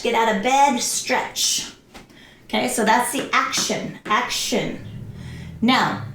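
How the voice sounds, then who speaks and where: A woman teaching English to a class, repeating each word slowly and clearly and acting out the actions. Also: on the high side, slight background noise. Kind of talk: slow classroom lesson with drills. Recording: echoey room, voice a bit far from the mic.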